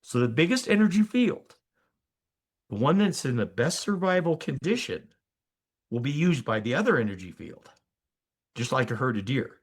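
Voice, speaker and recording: Here an older man, a doctor appearing on a podcast interview, recounts his experiences in an animated, emphatic way. His voice sits in the middle range yet moves broadly when he stresses the big moments, with frequent pauses to make sure the listener is following.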